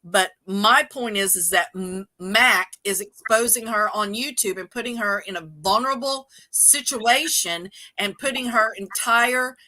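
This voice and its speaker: A woman with a bright, forceful voice tells a story on a casual livestream. She swears freely and talks in an animated way. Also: mid-range voice, unhurried, hardly any pauses. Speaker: show host.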